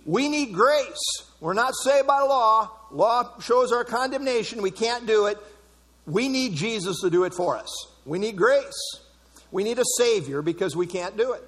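A male preacher with a high, somewhat bright voice and a breathy edge delivers an emphatic expository sermon, repeating key words for stress. His voice rings out with a long reverb in a large hall.

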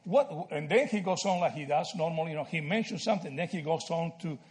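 A man from Argentina teaching a Bible study, animated and checking in with "right?" and "okay?" as he explains. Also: a little high, quick pace.

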